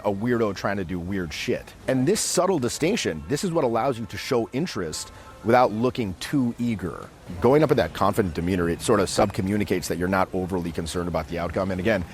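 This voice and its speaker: Low-voiced man coaching outdoors. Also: a little hiss or hum. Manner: animated, acts out quick scenes. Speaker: dating coach. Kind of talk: casual instructional talk. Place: outdoors in a city.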